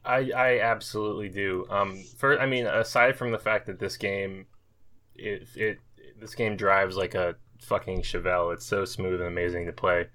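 A man's voice: sits low, steady tone, normal speed, pushed and bright. A man on a podcast panel in casual chat, blunt and swearing freely.

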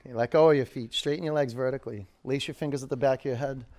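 A man's voice: mid-range voice, steady tone, rapid-fire, darkish tone. A man teaching a live yoga class, calling out poses, counting down holds and coaching students by name.

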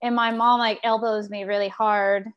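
Animated woman telling a personal story. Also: medium pitch, normal speed, clean tone, muffled recording. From Texas, US. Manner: lively, animated, laughs while telling. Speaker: group facilitator.

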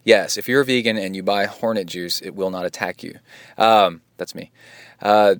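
A man's voice: fairly low pitch, steady tone, moderate pace, no room sound. A man hosting a podcast in a casual, joking, offhand way as he reads listener emails and answers them. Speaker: podcast host.

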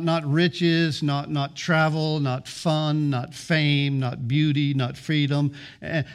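A pastor with a mid-range voice preaches a sermon, building emphatic, rhythmic lists of short phrases. He often restarts his words as he presses a point.

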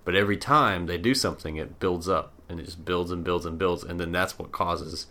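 A young man co-hosting a podcast, calmly explaining his views through everyday examples. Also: sits low, a little fast. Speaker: podcast co-host. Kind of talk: casual conversation.

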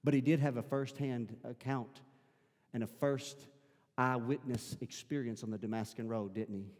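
A man's voice: medium pitch, steady tone, normal speed, a little mellow, big-room sound. A man preaching a sermon as pastor, emphatic and repeating his phrases to urge the congregation on. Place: church sanctuary.

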